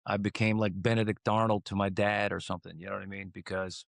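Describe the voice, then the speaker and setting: A man from Croatia, a guest in a casual interview who tells rambling stories with lively swings in his voice. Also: fast, gravelly, no echo, studio quality. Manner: animated, rambling, acts out quotes with swings in pitch. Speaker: guest singer.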